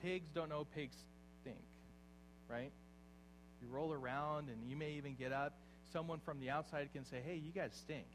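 A man preaching a sermon, dropping to quiet, low asides and then rising into loud exhortation. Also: steady tone, moderate pace. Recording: faint mains hum behind.

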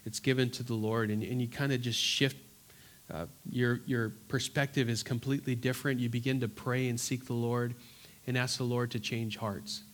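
A man preaching an earnest Bible-teaching sermon, emphatic and repeating words for stress, then dropping to soft, pleading tones. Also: medium pitch, level tone, moderate pace. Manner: swings from loud urgency to soft, quiet pleading.

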